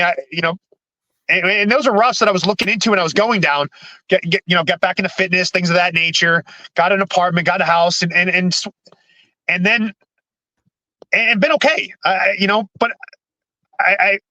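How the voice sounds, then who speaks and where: Guy telling his story, high bright voice, keeps restarting, dry close sound. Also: no echo, low-quality recording. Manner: halting, many restarts and repeated words. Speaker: podcast guest. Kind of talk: candid personal storytelling.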